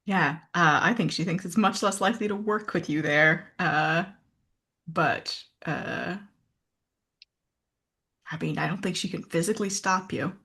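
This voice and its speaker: A woman playing in a tabletop role-playing game, describing her character's actions in a halting way with many fillers. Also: fairly low pitch, slightly rough. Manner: halting, full of fillers, jumps between narration and bright in-character lines. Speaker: player voicing her character.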